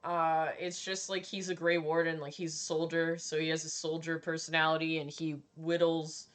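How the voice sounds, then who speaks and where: A woman's voice: low-pitched, level tone, moderate pace. A woman game streamer giving casual, candid commentary while she plays, laughing often and swearing freely.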